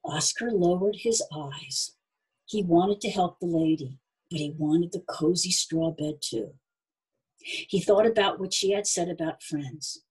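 A woman reading a children's Christmas story aloud in a calm, measured way. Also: lowish voice, slightly rough, poor audio.

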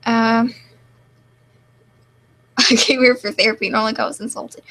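A young woman streaming live, reading chat comments aloud and answering in a deadpan, self-mocking way. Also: a little high, moderate pace, rough recording.

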